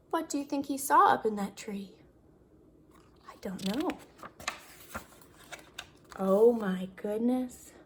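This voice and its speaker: A woman reading a children's picture book aloud, pausing to ask the listener questions. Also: high voice. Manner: animated, asks the listener questions. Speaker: children's story reader. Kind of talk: read-aloud storytime.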